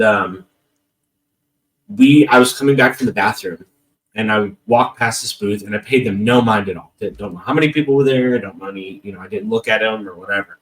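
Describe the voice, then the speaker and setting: A man telling a story in casual podcast chat, jokey and self-mocking, with plenty of restarts. His voice sits fairly low. He sounds a little away from the microphone. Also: fairly bright tone, recorded from a distance, low-quality recording. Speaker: podcast guest.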